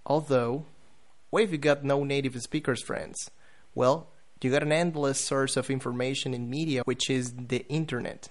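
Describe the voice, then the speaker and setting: A man hosts an English pronunciation lesson as a podcast. His voice sits at an ordinary middle pitch, and his delivery is deliberate, slowing down to say example words one at a time. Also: fairly even intonation.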